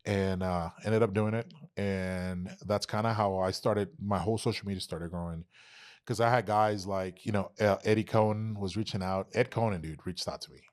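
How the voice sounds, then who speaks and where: A Texas man in his thirties, a podcast guest, talks in a fairly low voice at an ordinary pace. He tells stories in a casual interview setting, animated and swearing heavily while acting out what people said.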